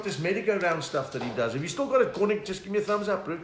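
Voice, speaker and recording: A man's voice: high voice, lively intonation, quick pace, few pauses, reverberant, background noise. A South African man, a comedian, chatting casually from his home lounge, reading viewer comments and telling jokes. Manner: chatty, reads viewer comments aloud, slips into put-on voices for jokes. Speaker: comedian hosting a livestream. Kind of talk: casual live-stream chat and stand-up storytelling.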